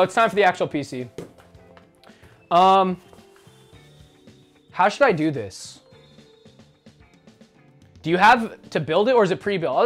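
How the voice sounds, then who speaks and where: High-voiced joking male streamer. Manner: rambling, joking, swears casually. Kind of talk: casual livestream chat. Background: faint background music.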